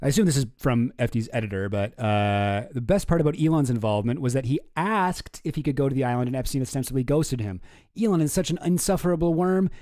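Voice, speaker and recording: A man's voice: mid-range voice, lively intonation, fast talker, mellow, no echo, studio quality. A man hosting a stream, reacting to clips with rambling, profane, sarcastic chat. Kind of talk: casual chat.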